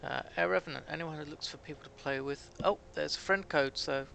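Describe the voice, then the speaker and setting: A man's voice: on the high side, fairly quick, gravelly, fairly bright tone, slight background noise. A British man chatting casually with his live-stream chat while playing a game, joking at his own expense. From Britain.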